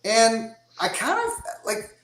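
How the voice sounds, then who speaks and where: A Southern US man in his fifties from Georgia chats casually as a guest drummer, rambling and laughing often. His voice is extremely high and swoops wildly in pitch, slow and a bit bright, in a roomy, rough recording.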